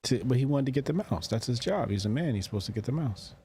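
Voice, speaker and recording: A man's voice: mid-range voice, animated, quick pace, warm tone, breathy edge, no room sound. A man hosting a casual talk show, bantering with his co-host and teasing her provocatively. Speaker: podcast host. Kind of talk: casual chat.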